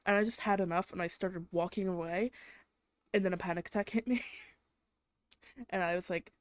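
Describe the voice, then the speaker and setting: A young woman from England vents in a low voice, recorded close and dry with no room around her. She talks in a loose, exasperated ramble, swearing freely and leaning on "like" in nearly every sentence. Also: fairly even intonation, moderate pace, pauses often, no room sound. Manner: exasperated, swears a lot, heavy use of "like". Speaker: podcast host. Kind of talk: casual ranting monologue.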